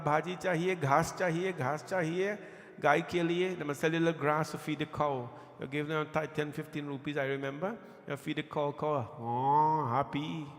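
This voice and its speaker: Brief: male preacher, somewhat high voice, folksy storytelling sermon, long temple-hall reverb. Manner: folksy, conversational storytelling with repeated phrases. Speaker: preacher leading a scripture reading. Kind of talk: devotional sermon.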